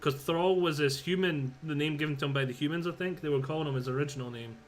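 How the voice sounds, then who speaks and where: A man with a somewhat high voice chatting on a co-op game stream. He is easygoing and patient as he walks through game details. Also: fast. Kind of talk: casual gaming chat.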